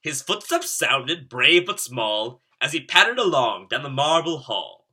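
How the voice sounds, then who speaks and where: A man reading a rhyming storybook aloud in a lively, sing-song way. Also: medium pitch, a little slow, slightly rough. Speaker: storybook reader.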